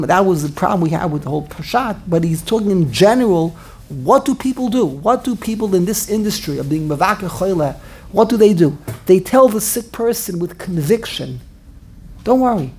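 A woman's voice: on the low side, expressive, fairly quick, darkish tone, breathy edge. A woman giving a religious class, thinking aloud with emphatic rhetorical questions and frequent restarts. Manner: talks with many restarts while thinking aloud. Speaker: Torah teacher.

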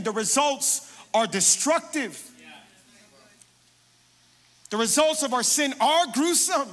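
A man pastor preaching a sermon, emphatic, moving between hushed passages and loud, rising declarations. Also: very high-pitched, big-room sound.

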